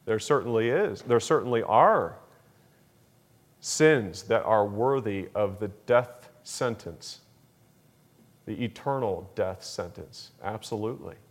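A man preaching a sermon, slow and deliberate, repeating key phrases for emphasis. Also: on the low side, lively intonation. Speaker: pastor.

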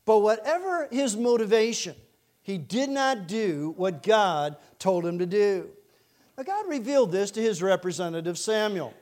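A male pastor preaching a sermon, lively and animated, asking the congregation direct questions. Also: high voice, moderate pace. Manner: animated, acts out scripture quotes in character voices.

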